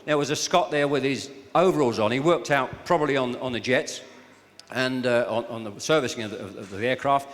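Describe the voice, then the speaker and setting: A man's voice: medium pitch, fairly quick. An older man with a southern English accent, giving an anecdotal after-dinner speech and teasing the audience. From southern England. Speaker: guest speaker. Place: function hall with live audience. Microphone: handheld or stand microphone. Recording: long echo of a large hall.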